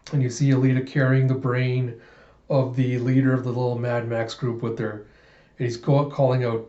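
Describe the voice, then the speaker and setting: Mellow-voiced man retelling a comic with laughter; dull, roomy home recording. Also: medium pitch, moderate pace. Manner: animated retelling, laughing often. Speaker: channel host. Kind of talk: comic book readthrough. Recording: muffled echoey room.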